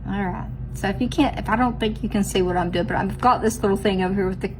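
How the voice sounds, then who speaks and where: A woman's voice: mid-range voice, fast, background noise. A woman, chatting casually to viewers as she does her nails, teasing herself as she goes. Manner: chatty, self-teasing, talks straight to viewers. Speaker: nail art vlogger. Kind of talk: casual chat while doing nails.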